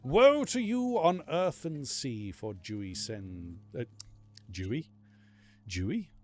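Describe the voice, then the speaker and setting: A man putting on a mock Scottish accent to play a loud, theatrical male prophet of doom. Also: medium pitch, very animated, slow pace. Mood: proclaiming.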